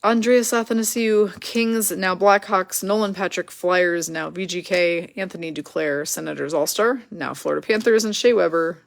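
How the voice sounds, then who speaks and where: A woman's voice: lowish voice, moderate pace, gravelly, hardly any pauses. A woman hosting a live card break, rattling off names and teams in a chatty way and laughing at her own slips.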